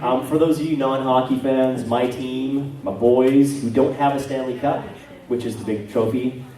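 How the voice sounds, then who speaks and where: A man's voice: medium pitch, steady tone, moderate pace, warm tone. A Canadian man, a voice actor, talking casually and self-deprecatingly at a convention panel. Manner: chatty, self-deprecating, rambling with many asides. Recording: echoey hall, from far off.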